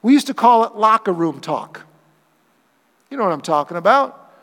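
Male pastor, high voice, lively sermon delivery with playful acted-out asides, long hall reverb. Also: normal speed. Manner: animated preaching, acts out quoted voices for humor.

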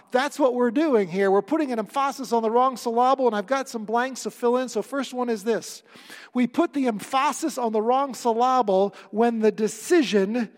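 A male pastor preaching a sermon, earnest and emphatic, with wry asides to the congregation. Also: very high voice. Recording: long reverb of a church hall.

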